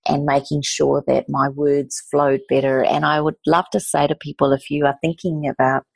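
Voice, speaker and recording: A woman's voice: sits low, flat delivery, normal speed, creaky, breathy edge, no room sound. A woman in her forties, an author talking about her book with her writing coach in casual, effusive storytelling. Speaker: author and guest.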